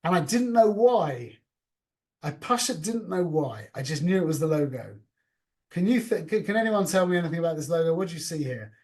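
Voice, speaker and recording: Teaching an informal class over a call, a fairly high-voiced man talks fairly quickly in an energetic, conversational style. He keeps restarting his sentences and weaves in Yiddish and Hebrew words.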